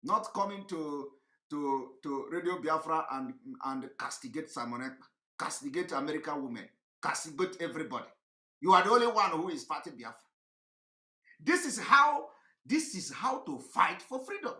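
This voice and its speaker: A man giving impassioned livestream commentary, preachy and repetitive, firing rhetorical questions and swinging between shouting and low tones. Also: lively intonation, moderate pace, reverberant. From Nigeria. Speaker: online broadcaster.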